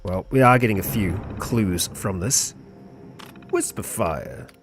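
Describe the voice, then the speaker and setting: Speaking slowly in a fairly low voice, a man gives casual commentary while streaming a game. He's relaxed and talkative, thinks out loud, and chuckles between remarks, with slight background noise present.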